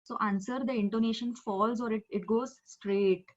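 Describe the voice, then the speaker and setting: A woman's voice: on the high side, steady tone, normal speed, darkish tone. A woman teaching an online language class, explaining patiently step by step. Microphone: video call. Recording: dull lo-fi video call audio.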